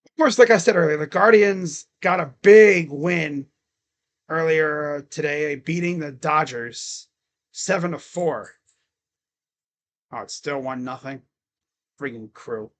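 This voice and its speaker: A man doing casual live play-by-play and reaction on a stream, rambling between plays and getting louder and quicker when the action picks up. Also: a little high. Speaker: livestream sports commentator.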